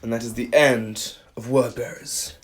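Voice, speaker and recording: Male wargame commentator, mid-range voice, animated, prone to loud outbursts over rolls. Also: mid-range voice, a little slow. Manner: animated, bursts of loud cheering and groans. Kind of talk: excited tabletop battle commentary.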